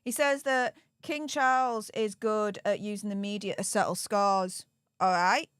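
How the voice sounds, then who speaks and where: A British woman, worn out after hours of streaming, reads a book aloud on a live stream in a chatty way, tossing in sarcastic asides as casual commentary. Her medium-pitched voice is steady, fairly bright, clear and resonant, at a measured pace. The studio-quality recording has no echo.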